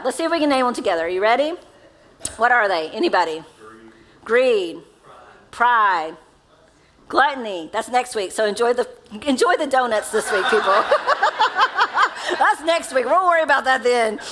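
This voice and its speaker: A woman's voice: on the high side, fairly bright tone, poor audio. Chatty Southern woman pastor preaching. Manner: casual and conversational, asks the congregation questions. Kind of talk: sermon. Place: church sanctuary.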